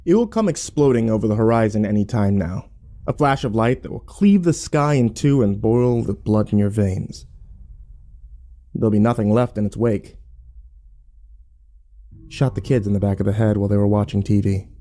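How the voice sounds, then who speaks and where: A man narrating dark horror stories in a slow, grim, scripted manner that climbs to frantic shouting in the tense scenes. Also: lowish voice, lively intonation, poor audio.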